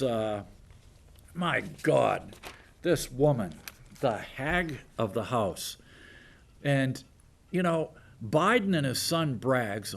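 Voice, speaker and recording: A man in his sixties giving sardonic local TV news commentary, mocking and rambling with jokey asides. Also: mid-range voice. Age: 60s.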